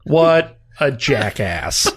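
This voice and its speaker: Male car-show co-host, animated, jokey, wide pitch swings. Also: very slow, slightly rough. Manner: animated, jokey, swings into high excited tones. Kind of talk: casual car news chat.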